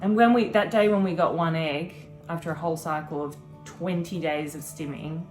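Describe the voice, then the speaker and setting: A woman's voice: sits low, steady tone, normal speed, soft background music. A woman in her thirties chatting casually on a vlog, earnest and reflective, talking in long run-on sentences. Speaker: vlogger. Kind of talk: casual chat.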